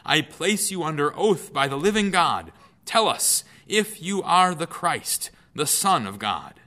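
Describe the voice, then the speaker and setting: A man reading scripture aloud, voicing an indignant male high priest with loud, accusing, high-pitched outbursts. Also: big pitch swings, measured pace, full character voice. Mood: demanding.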